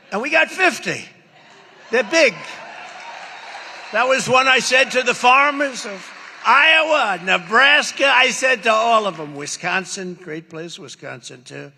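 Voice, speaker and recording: An older man delivers a rambling, boastful campaign rally speech, his voice forceful and pitched a bit high. He acts out quoted exchanges as he goes. The sound rings with the long reverb of a large hall. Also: big pitch swings, unhurried, slightly rough. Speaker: political speaker at a rally.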